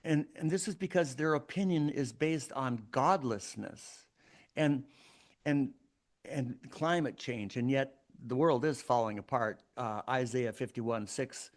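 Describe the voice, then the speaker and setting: A man's voice: medium pitch, a little slow. A man hosting a solo podcast, arguing his points in an emphatic, preachy way. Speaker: podcast host.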